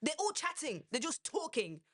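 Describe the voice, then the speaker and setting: A woman's voice: high voice, very animated, moderate pace, fairly bright tone, no room sound. Young woman, playful rambling, dry recording. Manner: rambling, playful, slips between accents. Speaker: podcast co-host. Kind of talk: casual podcast chat.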